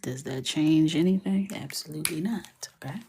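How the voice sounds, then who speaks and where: A woman hosting a coloring livestream, chatting and joking casually as she works, often dropping into a soft murmur. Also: deep voice, normal speed, breathy edge. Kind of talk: casual chat while coloring.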